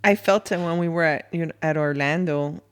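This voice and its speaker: A woman co-hosting a podcast, chatting casually and acting out quotes in animated, playful storytelling. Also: sits low, a little fast, smooth. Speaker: podcast co-host. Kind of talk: casual chat.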